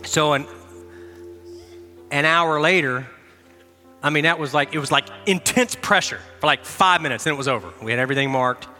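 Bright-voiced preacher in a reverberant hall. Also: male voice, fairly high pitch, moderate pace, long pauses. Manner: animated storytelling, shouting in reenactments, dropping to quiet prayer. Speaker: pastor. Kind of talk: sermon. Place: church sanctuary. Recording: long hall reverb with faint music.

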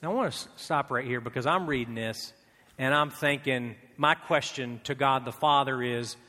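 A man's voice: medium pitch, moderate pace, sharp tone. A man preaching a sermon in a conversational way, firing off rhetorical questions and repeating key phrases. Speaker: pastor. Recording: long hall reverb.

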